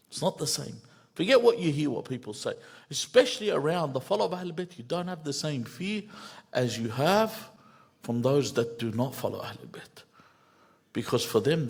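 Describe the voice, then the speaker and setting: A middle-aged man giving a sermon, swinging between loud emphatic rises and quiet asides and quoting Arabic lines before translating them. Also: a little high, slightly rough. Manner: quotes Arabic phrases then translates them. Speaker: sheikh giving a mosque lecture.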